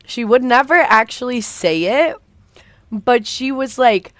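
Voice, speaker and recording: Speaking unhurriedly in a slightly high, expressive voice with no echo, this young woman tells a rambling story while livestreaming a game. She fills it with filler words and swears casually.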